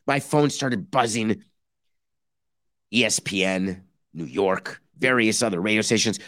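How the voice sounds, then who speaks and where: Male podcast host, sarcastic and animated, dry close-mic sound. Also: medium pitch, a little slow, no room sound. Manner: sarcastic, animated, mock-quoting others. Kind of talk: opinionated sports talk monologue.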